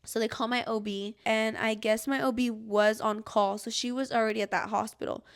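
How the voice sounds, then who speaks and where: A woman's voice: on the high side, fairly even intonation, normal speed. A young woman hosting a podcast, telling a personal story in casual, rambling chat full of "like". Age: young adult. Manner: rambling, fills every phrase with "like"; acts out her own past cries and pleas. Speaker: podcast host.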